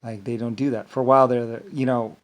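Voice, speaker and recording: A man's voice: medium pitch, flat delivery, fast talker. A man delivering an angry, rambling monologue, swearing, stumbling over words and filling gaps with "blah, blah.". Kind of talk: monologue rant to camera.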